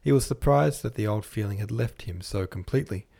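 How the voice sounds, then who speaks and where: A man reading a classic novel aloud as a podcast host, in measured literary narration. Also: fairly low pitch, vocal fry, dark tone, slightly rough. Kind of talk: scripted narration.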